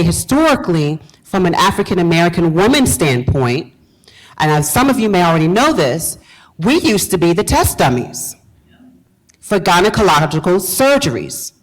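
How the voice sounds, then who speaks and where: A woman's voice: fairly low pitch, low-quality recording. A woman from Virginia, a pastor giving a motivational talk to a live audience, repeating key phrases and quizzing the room. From Virginia, US South. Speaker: pastor and speaker.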